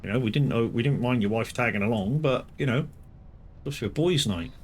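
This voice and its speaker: He has a medium-pitched voice and talks fairly quickly, with a little hiss or hum on the recording. While streaming a farming game he chats to viewers casually, rambling, swearing and frequently restarting.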